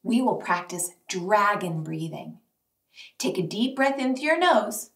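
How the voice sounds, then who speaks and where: A woman teaching children mindfulness, leading breathing exercises and movement with slow, soothing instructions and bits of sing-song. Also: mid-range voice, sing-song, a bit bright, distant mic. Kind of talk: gentle guided breathing and movement lesson for children. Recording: echoey room, voice a bit off-mic.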